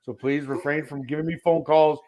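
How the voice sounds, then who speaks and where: A man's voice: fairly high pitch, steady tone, fairly quick, darkish tone, slight background noise. A man hosting a casual football talk show, asking long rambling questions with jokes. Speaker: football podcast host. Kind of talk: casual sports chat.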